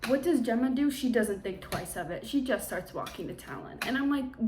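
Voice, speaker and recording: A woman's voice: on the high side, expressive, moderate pace, few pauses, a little mellow. A young adult woman who recaps a book in a casual vlog, talking in a chatty, sarcastic, slangy way. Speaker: book reviewer.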